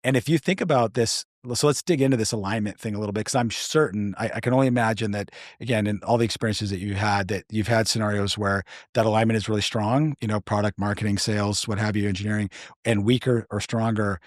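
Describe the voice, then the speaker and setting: A man's voice: on the low side, fairly even intonation, fast talker, no echo, studio quality. A man hosting a podcast interview, thinking aloud as he frames his questions, often repeating words and restarting. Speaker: podcast host.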